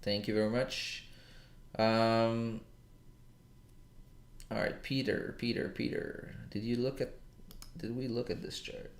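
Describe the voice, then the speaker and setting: A man's voice: on the low side, level tone, slow pace, pauses often, echoey room. A man casually chatting with viewers as he works through charts on a live trading stream. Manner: casual, talks to viewers while working charts, slang-heavy. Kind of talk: live trading session chat.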